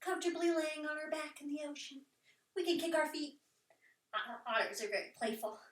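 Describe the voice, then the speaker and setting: A woman teaching a playful children's yoga session, talking in a sing-song voice that sometimes drops to soft whispers. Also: high-pitched, animated, a little fast. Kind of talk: guided kids' yoga with animal play. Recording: echoey room, voice from a distance.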